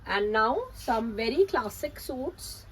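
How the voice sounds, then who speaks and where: Indian lady doing a quick sales pitch for clothes, slightly high voice, keeps pushing the prices. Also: expressive, slight background noise, poor audio. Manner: brisk, emphatic pitch, repeats prices. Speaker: boutique seller. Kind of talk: sales presentation of outfits.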